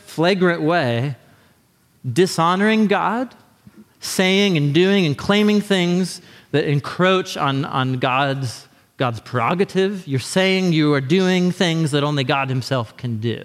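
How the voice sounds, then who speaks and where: A man preaching a sermon as pastor, in an animated, conversational way, sometimes acting out quick voices. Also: on the high side, in a large hall.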